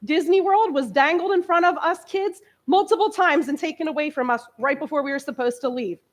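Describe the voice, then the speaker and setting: A woman in her early forties speaks from the front of a church, telling her own story of lost and found hope. Her voice sits a little high, and she talks in a candid, conversational way that turns emotional as she goes. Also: fairly quick. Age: 40s. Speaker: guest speaker. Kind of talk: personal testimony sermon. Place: church sanctuary.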